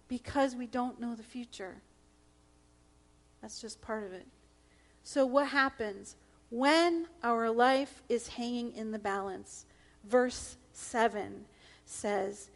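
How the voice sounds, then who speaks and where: A middle-aged woman pastor preaching a sermon in an earnest, emphatic manner, sometimes dropping to a hush. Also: high-pitched, slow.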